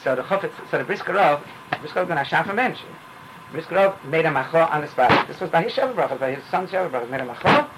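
Teaching a loose Torah class, this rabbi hurries from one parable to the next in a fairly high voice that swings widely in pitch. He's animated and rambling, slips in Yiddish phrases, and a faint background hiss runs beneath him.

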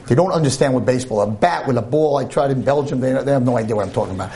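A man giving a sermon to an audience in a room, animated and humorous as he tells a story. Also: mid-range voice, rapid-fire, slight background noise. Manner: animated and humorous, with shifts in volume.

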